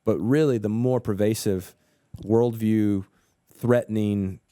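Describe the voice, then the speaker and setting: A man's voice: lowish voice, steady tone, takes it slowly, dark tone, smooth, dry recording, clean studio sound. A man, co-hosting a casual church podcast discussion and thinking aloud with frequent restarts. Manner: thoughtful, repeats words as he thinks aloud. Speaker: podcast co-host.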